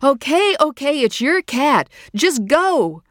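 A woman's voice: on the low side, lively intonation, slow pace, no echo, clean studio sound. A woman reading an audiobook and voicing a frantic mother who calls out and pleads for her lost daughter. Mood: urgent. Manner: shouting, pleading.

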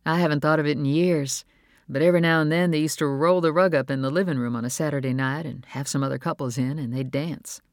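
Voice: mid-range voice, steady tone, fast, no room sound, clean studio sound, close to an everyday voice. An audiobook narrator voicing an adult woman who is a caring mother, speaking in a tender, earnest way. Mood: wistful. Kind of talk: audiobook character voice.

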